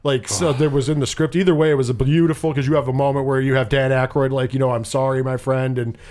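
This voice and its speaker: A man casually talking through a film in a podcast chat, rambling and animated, with restarts and frequent swearing. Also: mid-range voice, quick pace. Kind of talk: casual movie review chat.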